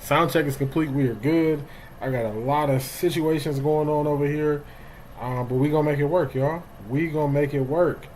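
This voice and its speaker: A man's voice: a little high, fairly even intonation, moderate pace, darkish tone, slight background noise, poor audio. A middle-aged man, hosting a casual live sports stream and greeting viewers by name. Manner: greets chat viewers by name, loose and talkative. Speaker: livestream sports show host.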